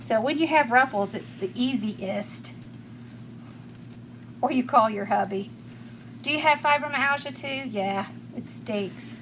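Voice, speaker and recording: A woman's voice: a little high, measured pace, long pauses, a bit bright, a little hiss or hum. A middle-aged woman with a Southern accent from rural Georgia, chatting with viewers as she demonstrates a craft, laughing often and thanking people by name. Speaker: craft tutorial host.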